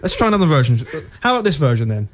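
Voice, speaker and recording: Rambling radio host. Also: male voice, a little high, very animated, very fast. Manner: rambling, restarts a lot. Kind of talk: comedy radio chat. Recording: music behind.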